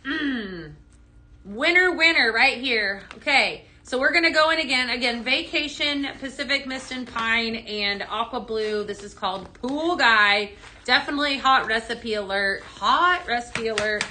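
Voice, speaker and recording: Young woman, live shopping host, bubbly and chatty, fairly high voice, bright tone. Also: a little slow, a little hiss or hum. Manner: bubbly, chatty, reads viewer comments aloud. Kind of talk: live product selling stream.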